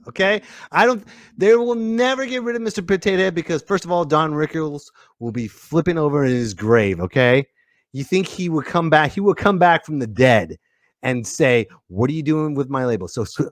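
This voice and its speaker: A man hosting a comedy podcast, ranting excitably and tacking "okay?" onto his lines. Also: a little high, no echo, clean studio sound. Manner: excitable, rants and repeats "okay?". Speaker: podcast host.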